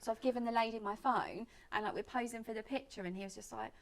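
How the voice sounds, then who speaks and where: Speaking fast in a voice on the high side, this late-twenties make-up artist is a guest spinning a lengthy tale. She's chatty, leaning on "like" and reported speech, with slight background noise behind her.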